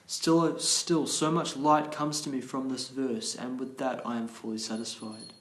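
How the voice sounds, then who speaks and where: A man leading a morning class, reading scripture aloud slowly and carefully and explaining it, restarting some verse words. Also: mid-range voice, flat delivery. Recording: roomy echo.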